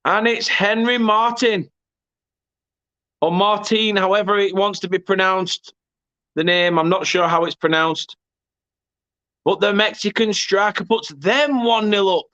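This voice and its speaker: An English man hosting a live football watchalong, calling the action in an excitable way and correcting himself as he goes. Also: high voice, moderate pace, no echo, highs cut off. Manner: excitable, self-correcting, erupts at goals. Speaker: watchalong host. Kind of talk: live match commentary.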